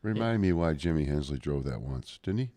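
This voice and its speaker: A man's voice: very deep voice, lively intonation, brisk, warm tone. A man co-hosting a casual chat, chiming in with short facts. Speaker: co-host, photographer.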